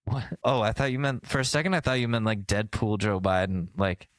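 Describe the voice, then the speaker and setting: A man's voice: lowish voice, brisk, no echo. A man co-hosting a podcast in casual comedic chat, rambling and jokey, often launching into bits. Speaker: podcast co-host.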